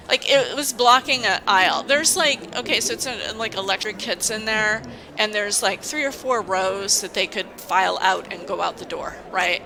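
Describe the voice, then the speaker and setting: A woman's voice: mid-range voice, normal speed, crowd noise, rough recording. A woman who works at a university, venting in a casual vlog and telling her story in an indignant, emphatic way. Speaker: university staff member.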